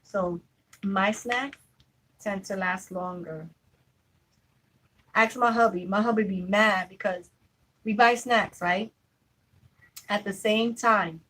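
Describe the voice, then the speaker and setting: A woman's voice: medium pitch, slow pace, long pauses, fairly bright tone, low-quality recording. A woman vlogging at home, chatting casually and telling stories about her family in an easygoing, laughing way. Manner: chatty, storytelling, laughs easily. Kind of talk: casual chat to camera.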